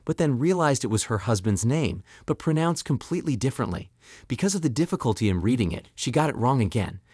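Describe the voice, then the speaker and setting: Male recap narrator, middle pitch, even scripted read, dry close sound. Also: no room sound. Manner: even, steady retelling in third person.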